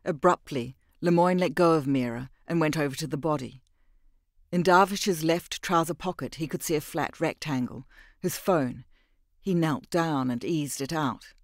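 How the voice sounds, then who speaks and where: A man narrating an audiobook in a measured, even storytelling voice on a close mic. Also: a little high, dry recording. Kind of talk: scripted narration.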